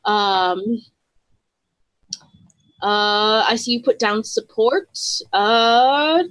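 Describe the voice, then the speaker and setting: A woman running a tabletop role-playing game, chatty with many ums and quick asides. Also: on the high side, a bit bright, dry recording, highs cut off. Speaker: game master.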